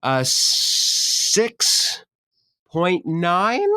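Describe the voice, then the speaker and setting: A man's voice: medium pitch, very animated, moderate pace, fairly bright tone. A man co-hosting a casual podcast, playful and teasing as he guesses scores. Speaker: podcast co-host. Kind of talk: casual chat.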